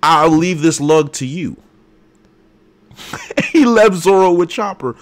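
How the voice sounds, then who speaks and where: A young man hosting a live comic reaction, excitable and hype with loud outbursts. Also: on the high side, moderate pace. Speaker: channel host.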